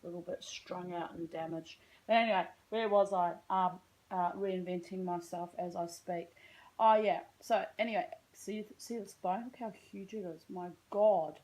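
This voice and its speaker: A woman's voice: fairly low pitch, fairly even intonation, moderate pace, darkish tone, low-quality recording. A woman talking into her phone camera at home in a rambling, self-mocking casual vlog, full of wry asides. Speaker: vlogger.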